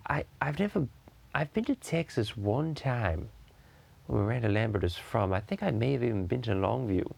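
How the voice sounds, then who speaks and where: A man in his thirties talks casually on a podcast with a heavily gravelly, fry-laden voice at a middling pitch. He rambles, swears freely and restarts his sentences often. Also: lively intonation, moderate pace, a little mellow. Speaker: podcast host.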